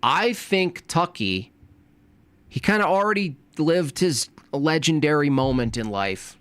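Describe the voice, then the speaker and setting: A man's voice: a little high, lively intonation, unhurried, a bit bright, smooth, no room sound. Sarcastic rambling man reacting. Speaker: streamer reacting to a video. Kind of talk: casual reaction commentary.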